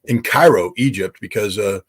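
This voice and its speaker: A man's voice: fairly low pitch, moderate pace, breathy edge. An American man, a former weapons inspector, giving interview commentary, emphatic with many fillers and restarts.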